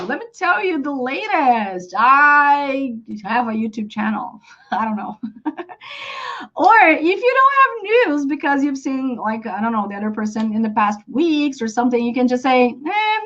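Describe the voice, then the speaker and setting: Lively Brazilian woman teaching English. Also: lo-fi sound. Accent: Brazilian Portuguese. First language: Portuguese. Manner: animated, acts out example phrases with big pitch jumps. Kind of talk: live online English lesson.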